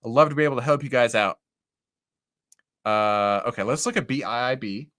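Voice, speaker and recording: In casual live market commentary, a brisk man with a mid-range voice goes over charts and talks with his chat. His animated, lively delivery is peppered with "right?" and "okay?"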